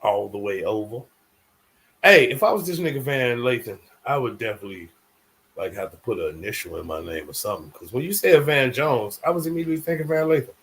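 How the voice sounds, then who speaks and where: A man's voice: medium pitch, expressive, brisk, fairly bright tone. A man co-hosting a podcast, tossing in laid-back, wry asides. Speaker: podcast co-host. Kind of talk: casual podcast banter.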